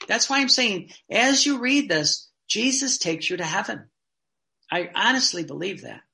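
Fervent preacher with a bright, forceful voice. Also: mid-range voice, animated. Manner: earnest and fervent, slows down to read quoted passages. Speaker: religious teacher. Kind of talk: sermon-style teaching with read-aloud passages.

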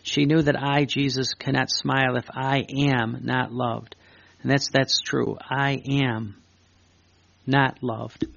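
A male preacher reads a devotional text aloud with a gravelly edge to his voice, stopping now and then for earnest asides. The recording is dry and a little dull. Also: mid-range voice, little pitch movement, fairly bright tone, no room sound. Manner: pauses to add earnest asides between readings. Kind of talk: reading aloud with commentary.

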